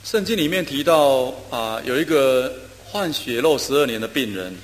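A man preaching a sermon in short phrases, pausing for an interpreter, with steady delivery and frequent filler sounds. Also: medium pitch, a little hiss or hum. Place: church hall. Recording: reverberant hall, faint ambience.

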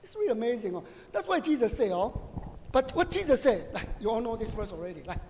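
A middle-aged man preaching a conversational sermon, animated and joking, often asking his listeners "right?". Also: very high-pitched, fast talker, slight background noise. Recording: long reverb of a hall.

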